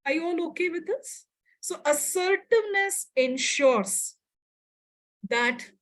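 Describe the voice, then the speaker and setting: A woman psychologist leads an interactive online workshop, speaking in a high-pitched, expressive voice over poor audio. She acts out brief example dialogues and often checks in with her listeners.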